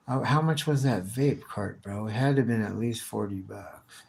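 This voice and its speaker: A man's voice: fairly low pitch, moderate pace, vocal fry, hardly any pauses, a little mellow. A man live streaming, chatting casually with his viewers and answering their comments in a rambling, slang-heavy, profane way with many restarts.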